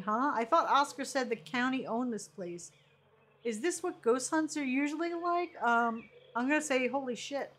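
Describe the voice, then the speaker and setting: A woman streaming a live game playthrough, giggling and reading the dialogue aloud with quick reactions. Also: high voice, animated, fairly bright tone.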